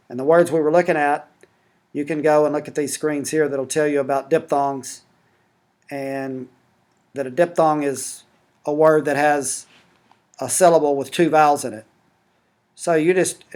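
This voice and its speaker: Man explaining a language app. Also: on the high side. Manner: patient, explanatory, with fillers and restarts. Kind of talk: screen-recorded tutorial.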